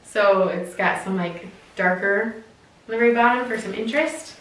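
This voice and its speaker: A woman's voice: medium pitch, moderate pace, fairly bright tone, recorded from a distance. A woman chatting casually and giggling through a clothing try-on haul, with lots of fillers. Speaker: fashion unboxing vlogger. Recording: very echoey room, voice off-mic.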